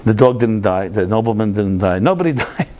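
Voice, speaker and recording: A man's voice: on the low side, animated, brisk, darkish tone, a little hiss or hum. A man, a rabbi, telling a story in a conversational, digressive lecture. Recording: dull lo-fi lecture recording.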